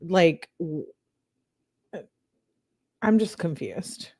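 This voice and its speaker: A woman's voice: on the low side, animated, drawn-out words, dark tone, husky. Giggly chatty young woman. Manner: giggly, chatty, jokes between readings. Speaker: true-crime commentator reading texts aloud. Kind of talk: casual commentary, reading texts.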